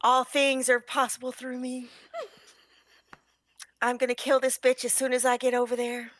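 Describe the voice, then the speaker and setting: A woman's voice: high voice, completely flat delivery, moderate pace, a bit bright, no room sound. A woman voicing a furious woman warrior who mutters grand vows and threats. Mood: seething.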